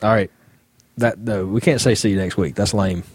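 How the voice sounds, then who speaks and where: A man's voice: on the low side, steady tone, moderate pace, husky, no echo. A man co-hosting a podcast, chatting casually in a rambling, hesitant way. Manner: rambling, hesitant with many fillers. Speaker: podcast co-host. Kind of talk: casual chat.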